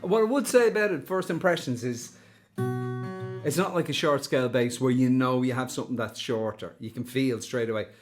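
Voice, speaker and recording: A man's voice: mid-range voice, a little fast. An Irish man chatting casually as he unboxes and looks over a guitar, thinking aloud with fond asides. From Ireland. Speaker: guitar reviewer.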